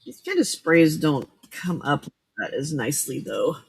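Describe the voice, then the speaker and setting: A woman's voice: low voice, big pitch swings, unhurried, creaky, slightly rough, rough recording. A woman hosting a late-night crafting livestream, chatting casually and talking to herself as she works.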